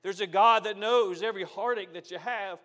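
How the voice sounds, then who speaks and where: Male pastor, high voice, sermon delivery; builds from hushed tenderness to loud proclamation, repeats and restarts phrases. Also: moderate pace. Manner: preaching, swings from loud declarations to soft tender near-whispers.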